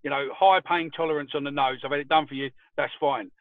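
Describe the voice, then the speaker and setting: A man's voice: on the high side, fairly even intonation, fast, no room sound. A man co-hosting a podcast, telling rowdy anecdotes and swearing freely. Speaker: podcast co-host. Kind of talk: casual chat. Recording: tinny phone line.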